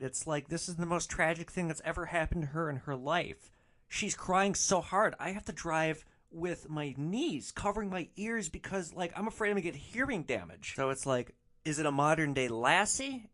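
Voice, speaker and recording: A man tells stories on his podcast with a bright, forward tone. His pitch swings widely. His telling is animated and exasperated, with a wry edge. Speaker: podcast host recounting rideshare stories. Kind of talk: storytelling monologue.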